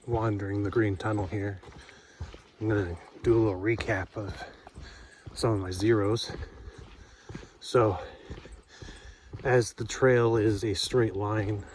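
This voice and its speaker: A man's voice: fairly low pitch, a little mellow. A man vlogging while hiking outdoors on a forest trail, telling stories casually with lots of fillers and acting out what people said. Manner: rambling storytelling with many fillers and acted-out quotes. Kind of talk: casual spoken trail diary. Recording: noisy outdoor camera audio.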